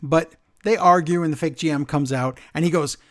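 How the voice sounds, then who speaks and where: A man hosting a wrestling podcast, recapping the show in an animated way and acting out quotes. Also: a little high, fairly quick. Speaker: podcast host. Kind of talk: casual chat recapping wrestling.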